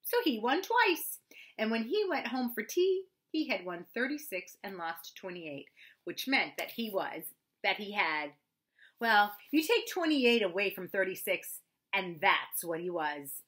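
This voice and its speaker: Bright, expressive woman reading a storybook. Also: mid-range voice, measured pace. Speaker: audiobook reader. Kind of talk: storybook narration.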